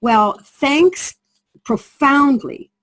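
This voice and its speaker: A woman's voice: high-pitched, expressive, extremely slow, fairly bright tone, poor audio. A middle-aged woman presenting a skincare product through a told story, acting out the people she quotes. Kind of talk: storytelling sales pitch.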